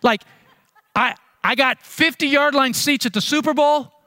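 A man voicing an excited male buddy who has big-game tickets, speaking in an animated, incredulous way. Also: fairly high pitch, normal speed, no echo, studio quality, long reverb tail, pitched below the performer's own voice, close to an everyday voice.

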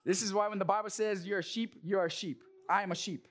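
A man's voice: high-pitched, fairly even intonation, fast talker. Young male preacher, earnest and joking, sermon built around a personal story. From Korean American. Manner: earnest, casual storytelling with jokes. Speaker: church speaker.

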